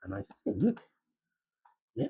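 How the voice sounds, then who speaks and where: A man with a Gloucestershire accent chatting softly in a slow, halting ASMR style, with many pauses and drifts into whispering, close to the microphone. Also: phone-quality sound. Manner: soft-spoken, slipping into whispers. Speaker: ASMR creator. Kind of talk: soft-spoken ASMR chat.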